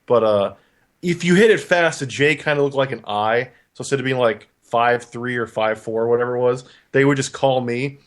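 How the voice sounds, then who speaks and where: A man co-hosting a podcast, telling a casual story with lively energy. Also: mid-range voice, moderate pace. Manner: animated storyteller acting out voices. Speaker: podcast co-host.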